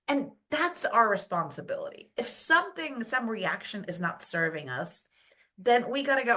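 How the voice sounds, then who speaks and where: Speaking at an ordinary speed, this Polish-born brain health coach is a guest on a relaxed podcast interview. Her native tongue is Polish, and her storytelling is lively, with quotes performed in high-pitched voices.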